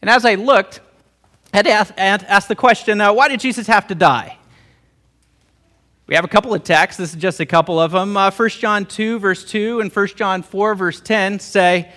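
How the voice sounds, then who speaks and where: A male pastor preaches a heartfelt storytelling sermon, often restarting with doubled words. His voice is bright and forward, pitched a touch high for a man. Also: steady tone, normal speed. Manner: emotional, repeats words in restarts. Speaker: pastor and theologian.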